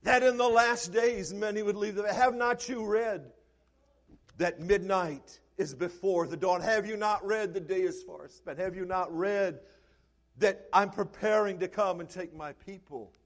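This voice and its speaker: A man preaching a sermon as pastor, swinging between quiet, low passages and loud, shouted lines. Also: unhurried.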